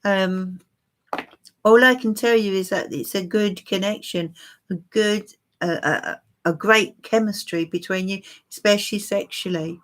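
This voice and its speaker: Slow, musing woman reading tarot. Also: mid-range voice, fairly even intonation. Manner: slow, musing, hesitant with many fillers. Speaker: tarot reader. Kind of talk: live-stream tarot reading.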